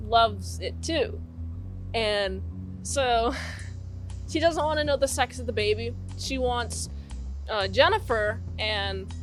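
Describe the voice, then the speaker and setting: A woman's voice: a little high, a little slow, soft background music. A young woman casually retelling a movie's plot for a review, rambling, swearing now and then and laughing at her own asides.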